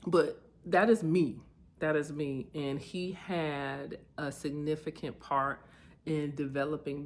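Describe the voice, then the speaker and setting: Candid woman reflecting in a vlog. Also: deep voice. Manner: candid and heartfelt, warming into lively storytelling. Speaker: vlogger.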